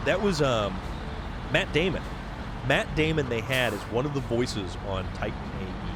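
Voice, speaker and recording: A man hosting a livestream, chatting excitedly and answering viewers while he plays a video game. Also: mid-range voice, a little slow, background noise. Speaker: livestream host. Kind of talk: casual chat while playing a video game.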